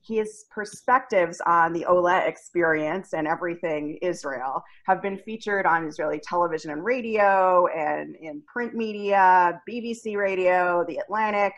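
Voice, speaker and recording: A chatty woman hosts a book party over a video call, her voice sitting a little low for a woman. She introduces herself and her guest with easy ums and asides. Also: normal speed, few pauses, low-quality recording. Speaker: event host.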